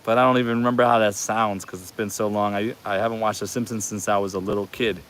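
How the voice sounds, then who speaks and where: A man's voice: on the low side, steady tone, quick pace, a bit bright, slight background noise. A man in his forties hosting a casual livestream from a garage, reading viewer comments aloud in an upbeat, affectionate way. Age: 40s. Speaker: livestream host.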